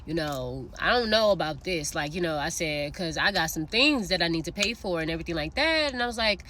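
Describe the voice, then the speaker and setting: A woman's voice: fairly low pitch, animated, a little fast, hardly any pauses, sharp tone. A woman casually telling a personal faith story and encouraging her listeners, chatty, with many fillers, calling out to them directly. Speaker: faith vlogger sharing a prophetic word.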